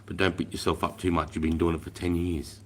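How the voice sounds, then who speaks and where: A very deep-voiced Australian man in his forties hosts a casual livestream, speaking fast in a level tone. He rambles, swears freely, calls everyone mate, and often trails into a quieter mutter. There's slight background noise.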